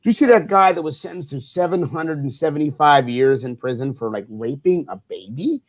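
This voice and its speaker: A man's voice: on the high side, expressive, brisk. A man co-hosting a casual political talk show, blunt and emphatic, with frequent swearing. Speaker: co-host.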